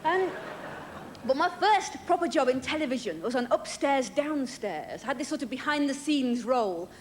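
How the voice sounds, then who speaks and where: On a big theatre stage, a high-voiced woman does a stand-up set at a moderate pace, animated yet dry and self-deprecating. The audio is a noisy 1980s TV broadcast with the audience audible.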